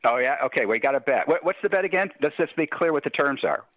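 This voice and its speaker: A man's voice: a little high, expressive, quick pace, a bit bright, dry recording, muffled recording. A man bantering with the host as a guest on a talk radio show, teasing and playful. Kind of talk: casual banter.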